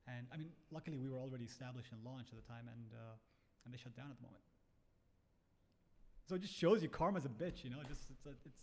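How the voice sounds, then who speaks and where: A man's voice: medium pitch, fast talker, darkish tone. A man, a startup founder, telling a story in casual chat, acting out quotes and swearing freely. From Bahrain.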